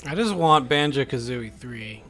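A man co-hosting a gaming podcast, laid-back and quiet with quick quips. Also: medium pitch, animated, soft background music. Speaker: podcast co-host. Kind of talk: casual podcast chat.

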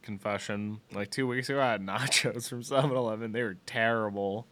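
A man's voice: lowish voice, fairly even intonation, fairly quick. Crude teasing young podcast guy. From Illinois. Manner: crude, teasing, loud bursts. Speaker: podcast co-host. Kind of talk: casual chat.

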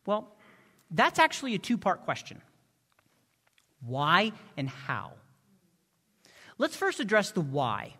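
A male pastor preaching a sermon, impassioned, moving from soft pleading to loud emphasis. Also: medium pitch. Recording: long reverb of a large hall.

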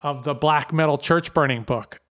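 A man co-hosting a casual podcast chat, telling animated stories, swearing freely and often trailing off and restarting. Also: a little high, moderate pace. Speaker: podcast co-host.

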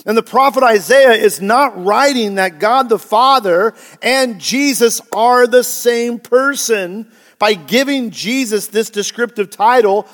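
A man's voice: high-pitched, long reverb tail. A male pastor preaching a sermon, emphatic and often asking the congregation rhetorical questions.

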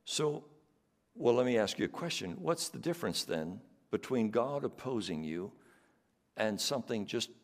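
Man preaching in a reverberant hall. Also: fairly low pitch. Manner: preaching with rising emphasis and repeated phrases. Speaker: pastor. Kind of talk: sermon.

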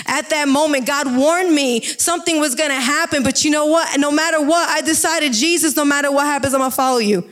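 A woman giving an informal sermon with a personal testimony, talking in an excitable, emphatic, chatty way. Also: sits high, a little fast, hardly any pauses. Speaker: devotional speaker.

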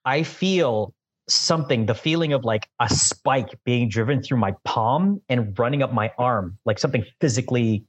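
A man's voice: medium pitch, normal speed, no room sound. A man playing a tabletop horror game, describing his character's actions in rambling detail. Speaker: player. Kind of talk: casual tabletop game play.

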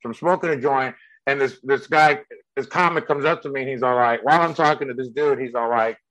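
A man's voice: mid-range voice, a little fast, a bit bright, no echo, low-quality recording. A young man with a Mexican accent, a stand-up comedian chatting bluntly and rambling, with lots of laughter and swearing. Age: young adult. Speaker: stand-up comedian, podcast guest. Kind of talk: casual chat.

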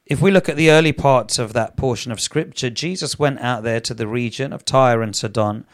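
On a live broadcast, a male preacher teaches from the Bible in a medium-pitched, slightly quick voice. He reads scripture aloud, becomes increasingly emphatic, and prays in tongues.

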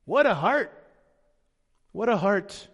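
A man's voice: sits high, sing-song, takes it slowly, fairly bright tone, husky, lo-fi sound. A male pastor preaching a sermon, emphatic and often asking his audience questions. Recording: long hall reverb.

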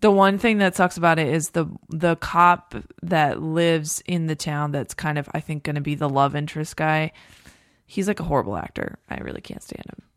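A woman's voice: deep voice, normal speed, dry recording, studio quality. A woman co-hosting a podcast in casual chat, talking in a chatty, rambling way with many fillers. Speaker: podcast co-host.

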